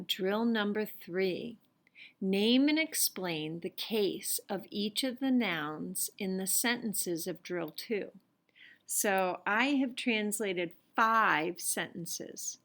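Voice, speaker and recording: Woman latin teacher going thru worksheet drills, unhurried, methodical. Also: medium pitch, a bit bright. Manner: patient, methodical, sounds out Latin phrases slowly. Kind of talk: explaining worksheet exercises.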